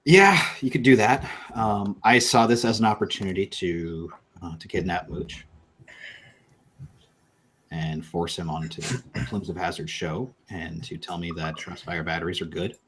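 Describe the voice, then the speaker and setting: A man's voice: low-pitched, fairly even intonation, a little slow, fairly bright tone, slight background noise. A man hosting a casual live-stream show, rambling and swearing freely with lots of fillers. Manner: rambling and profane, many fillers. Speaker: podcast host.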